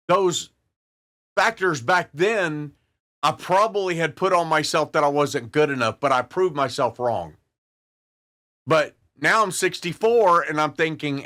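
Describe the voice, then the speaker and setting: An earnest man hosts a guitar channel. His voice is slightly high and bright. He talks very slowly and drives his points home by repeating them. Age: 60s. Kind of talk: casual talk to camera.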